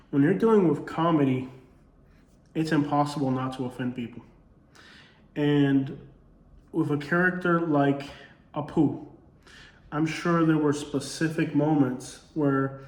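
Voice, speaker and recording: A man's voice: a little high, a little slow, long pauses, reverberant. A man with a Southern accent, a comedy creator speaking in a casual commentary monologue, earnest and full of rhetorical questions. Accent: Southern US, Alabama-tinged.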